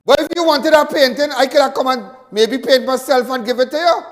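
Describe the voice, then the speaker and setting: A Trinidadian man hosts a show with a heated political monologue. His voice sits unusually high, and he mocks and repeats phrases to drive each point home. A long reverb trails his words. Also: a little fast. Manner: fiery, mocking, repeats lines for emphasis. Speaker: host.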